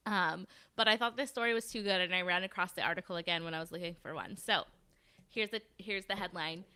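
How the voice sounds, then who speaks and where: Bright, chatty woman podcast co-host. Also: lowish voice, fast talker, clear, resonant tone. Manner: animated storyteller, reads headlines aloud. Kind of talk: casual chat.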